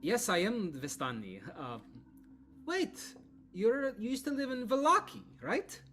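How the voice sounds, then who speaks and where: A man's voice: on the high side, lively intonation, measured pace, fairly bright tone. A man voicing a cheerful, chatty young Vistani woman who works as a seer. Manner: chatty, upbeat.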